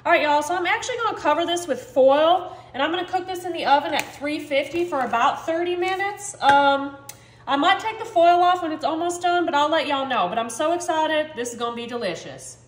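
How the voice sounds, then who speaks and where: In a casual demo from her home kitchen, this cooking vlogger addresses her viewers directly and cheerfully as she cooks. She speaks fairly quickly in a high-pitched voice, and the room sounds echoey.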